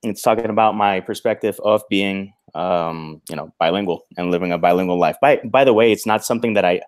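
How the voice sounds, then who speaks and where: A bilingual man in a casual video-call chat, with a voice set slightly low. He talks loudly and in animated bursts, restarting his sentences and chuckling as he goes. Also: a little fast, clean tone. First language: bilingual in English and Spanish. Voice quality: naturally loud voice. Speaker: guest author.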